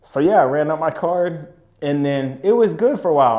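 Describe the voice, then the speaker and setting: A young man, a podcast guest who runs a business, telling stories in a relaxed, slangy way and often saying "you know what I mean". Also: on the high side, fairly quick. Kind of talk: casual storytelling chat.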